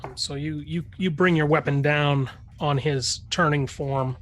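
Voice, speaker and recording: A man acting as game master, describing the fight in a mid-pitched, everyday voice. He talks haltingly, stopping and restarting often. A faint hiss sits behind him. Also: fairly even intonation, a bit bright. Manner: halting, with many fillers and restarts. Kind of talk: narrating a tabletop game.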